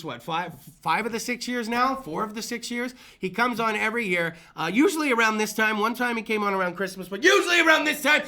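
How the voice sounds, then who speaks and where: A creaky, pushed, bright-sounding man hosts a small-studio talk show full of loose, profane call-in banter. He rambles with hype, curses freely, and drops into silly low voices.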